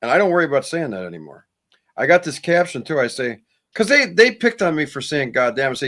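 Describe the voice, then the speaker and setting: A man's voice: a little high, big pitch swings, fast talker, fairly bright tone. A man in casual podcast talk, telling a story with rambling repeats and restarts.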